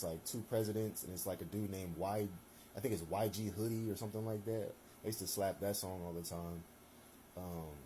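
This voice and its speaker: A man's voice: lowish voice, mellow, a little hiss or hum. A young man giving his opinions in a loose, rambling monologue, full of slang and fillers. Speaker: solo commentator.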